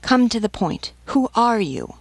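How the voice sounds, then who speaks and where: A woman's voice: lowish voice, moderate pace, creaky, no room sound. A woman voicing a blunt male army sergeant who fires brusque questions.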